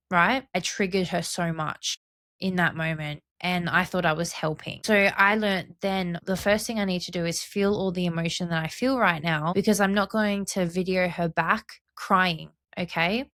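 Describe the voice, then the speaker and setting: A woman's voice: fairly low pitch, fairly bright tone, no room sound, studio quality. A young adult woman hosting a solo podcast, talking earnestly and passionately, often checking in with "right?" and "okay?". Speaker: podcast host. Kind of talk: reflective solo podcast monologue.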